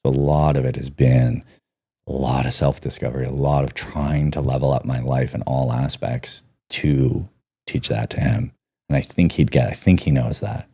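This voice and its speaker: Guy in his 30s with a super low, dark husky voice, chatty animated storyteller. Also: moderate pace. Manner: animated storyteller, acts out quotes. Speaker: podcast guest. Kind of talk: casual storytelling.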